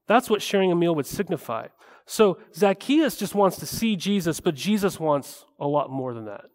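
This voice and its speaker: A male pastor delivers a sermon in a casual, conversational manner, often checking in with rhetorical "right?" asides. His voice sits a little higher than most men's. A long reverb from the church hall trails behind every phrase. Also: lively intonation, moderate pace, darkish tone.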